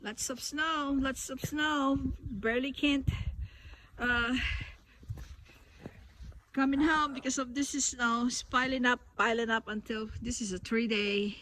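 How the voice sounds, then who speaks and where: A woman filming outdoors in deep snow on her phone, talking slowly and haltingly, then laughing and gushing at her dogs. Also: steady tone, sharp tone, rough recording. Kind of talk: casual home video narration.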